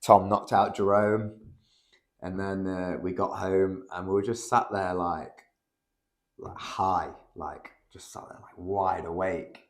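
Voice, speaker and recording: Telling his story slowly, a young UK man who fights amateur MMA rambles through casual podcast talk, swearing and using lots of fillers as a guest. His voice is low, with little pitch movement.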